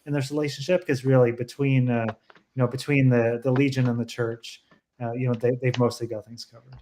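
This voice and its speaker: A man talks about his own novel on a video call. He rambles thoughtfully, circling back and restarting his sentences. His pitch is ordinary, neither high nor low. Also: little pitch movement, fairly quick, a little mellow. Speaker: author as guest. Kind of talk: casual book discussion.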